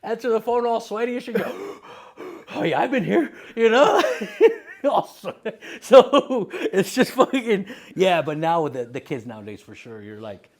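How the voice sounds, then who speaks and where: A man with a slightly raised pitch spins rowdy, foul-mouthed stories on a comedy podcast. He talks in an animated way, swearing constantly and breaking into laughs. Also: measured pace. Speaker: podcast co-host. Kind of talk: crude comedic storytelling.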